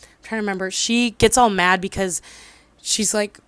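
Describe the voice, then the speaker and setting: A woman's voice: medium pitch, fairly even intonation, normal speed, fairly bright tone, smooth, no echo. A woman in her twenties casually recapping a drama, rambling with lots of fillers and losing track of details. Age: 20s. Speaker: drama reviewer.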